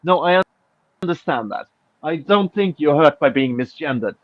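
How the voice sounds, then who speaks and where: A man's voice: on the high side, expressive, normal speed, no echo. A man hosting a casual podcast chat, mocking and swearing as he reads out an online argument. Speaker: podcast host. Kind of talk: casual chat, reading out tweets. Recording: dull lo-fi, dry.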